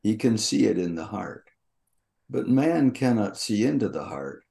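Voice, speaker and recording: An older man on a Bible podcast, slowly teaching and reading scripture aloud in a measured way. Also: fairly low pitch, sing-song, vocal fry, mellow.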